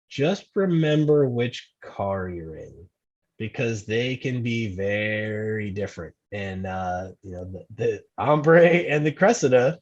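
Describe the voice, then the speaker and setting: A man talks casually as a podcast guest, his voice husky and slightly rough. He rambles in a chatty way, repeating words as he tells his stories. The recording sounds dull and a little lo-fi. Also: lowish voice, darkish tone.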